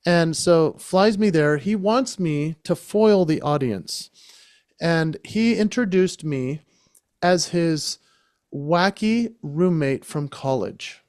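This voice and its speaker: A man's voice: fairly high pitch, animated, slow, a little mellow, no echo. A man telling an enthusiastic story as a podcast guest, talking casually into a close microphone. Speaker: guest, entertainer and speaker.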